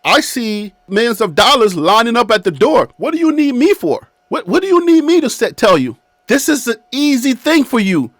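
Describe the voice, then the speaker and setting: High-voiced man in his fifties, emphatic. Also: sing-song, normal speed, fairly bright tone, no echo, clean studio sound. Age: 50s. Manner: emphatic, repetitive, talks straight to the team. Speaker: sports video host. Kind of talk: casual sports commentary to camera. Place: his own studio, seated.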